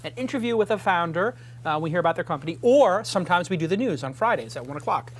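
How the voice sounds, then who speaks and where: A man's voice: sits high, expressive, quick pace, slight background noise. A man hosting a casual studio talk show, chatty and rambling, with jokey self-deprecating asides.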